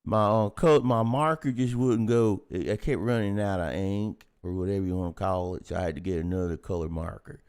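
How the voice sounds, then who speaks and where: A man voicing a rowdy, crude Southern redneck with a loud drawling Southern accent, playful and teasing. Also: fairly low pitch, a little fast, few pauses, clean tone, close to an everyday voice.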